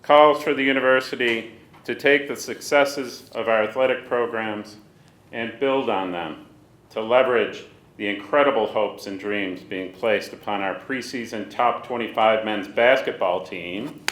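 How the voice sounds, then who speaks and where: A man's voice: lowish voice, unhurried, a bit bright. A man, a university official, reading a formal prepared welcome speech. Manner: formal, reads from a script. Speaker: university official introducing the new director. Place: large conference hall. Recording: echoey hall.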